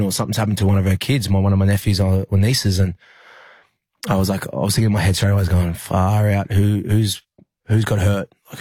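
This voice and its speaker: Aussie bloke, low flat husky voice, halting and full of ums, dry close sound. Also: male voice, no echo. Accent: Australian. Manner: halting, lots of fillers and restarts. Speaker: rugby league player. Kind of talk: emotional personal story in an interview.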